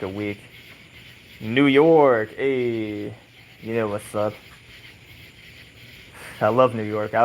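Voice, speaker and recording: A man with a voice on the low side hosts a livestream from a swing on an outdoor porch, rocking as he rambles casually to viewers, cursing often and chuckling a lot. A little hiss or hum can be heard on the rough recording.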